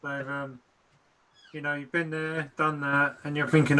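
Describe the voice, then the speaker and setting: A man's voice: a little high, level tone, moderate pace, sharp tone. A man chatting casually as a guest, easygoing but hesitant, often repeating words as he searches for them. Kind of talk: casual online chat.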